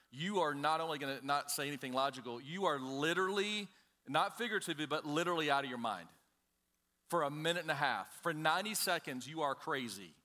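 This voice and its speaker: A man's voice: on the high side, pushed and bright. A man preaching a conversational sermon, emphatic and direct, often calling on the congregation to listen. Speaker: pastor.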